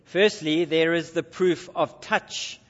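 A man's voice: a little high, fairly even intonation, slow pace. A male pastor preaching a sermon in church, emphatic and repeating his key phrases. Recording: dull recording with long hall reverb.

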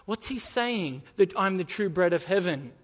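A man's voice: sits high, expressive, normal speed, long reverb tail, muffled recording. A man preaching a sermon, reading scripture aloud and asking the congregation rhetorical questions.

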